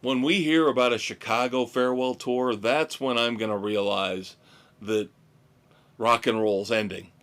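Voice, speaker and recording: A man's voice: medium pitch, fairly even intonation, a bit bright. A man hosting a rock podcast, running through tour news in a chatty, opinionated way. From United States. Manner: chatty, opinionated, drawn-out delivery. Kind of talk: casual music news rundown.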